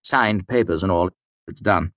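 A man's voice: deep voice, normal speed, a bit bright, no room sound. A man reading an audiobook, voicing a weary, irritable middle-aged mayor who speaks curtly and brusquely. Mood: curt, exasperated. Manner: curt, brusque, exasperated. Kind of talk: audiobook character voice.

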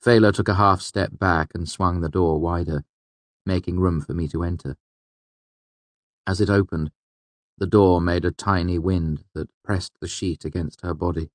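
Deep-voiced man narrating a story. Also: no room sound. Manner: measured, tense storytelling. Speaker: audiobook narrator. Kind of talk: scripted narration.

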